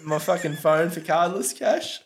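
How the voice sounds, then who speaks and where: A man's voice: fairly high pitch, animated, moderate pace, gravelly, slight background noise. A young Australian man hosting a podcast, rowdy and swearing in casual chat with his guests. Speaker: podcast host.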